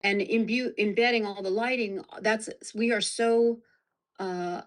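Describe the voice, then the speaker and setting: A woman speaking as a production designer in a casual panel talk, halting and searching for words. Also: mid-range voice, fairly even intonation.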